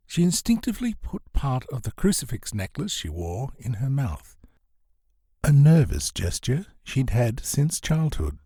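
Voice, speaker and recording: A man narrates a comic novel in a husky, breathy voice. His delivery is animated and expressive, rising and falling widely to land the jokes. The recording is dry and close. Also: dry recording. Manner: expressive, swings pitch for comic effect. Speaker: audiobook narrator.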